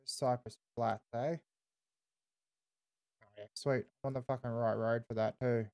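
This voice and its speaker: A man's voice: medium pitch, fairly even intonation, unhurried, gravelly, a little mellow. An Australian man streaming casual in-character game roleplay, laid-back and swearing constantly, tagging "eh" onto his lines.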